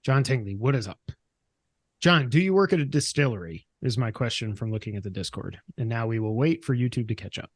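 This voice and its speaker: A man's voice: mid-range voice, animated, a little fast, dry recording. A man co-hosting a gaming podcast, chatting casually with a playful, teasing and rambling manner. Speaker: podcast co-host. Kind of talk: casual chat.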